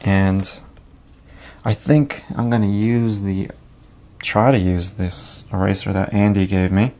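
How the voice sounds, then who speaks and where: A lower-voiced man with a New York accent talks through a drawing lesson as he works. His delivery is loose and conversational, full of asides. The recording sounds slightly dull and lo-fi. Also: fairly even intonation, slow, darkish tone. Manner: casual, thinking aloud while working. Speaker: drawing teacher. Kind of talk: narrated drawing tutorial.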